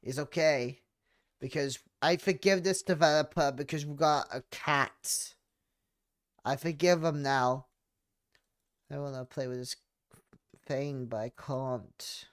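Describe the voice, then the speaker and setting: A man streaming a horror game, commenting playfully and breaking into loud excited yelps and meows. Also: medium pitch, a little slow.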